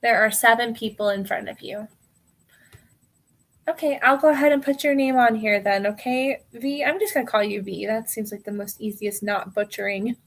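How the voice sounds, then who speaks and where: American woman chatting with live viewers. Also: on the high side. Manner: warm, apologetic, giggly, calls viewers hon. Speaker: tarot reader hosting a live stream. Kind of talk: casual live-stream chat with viewers.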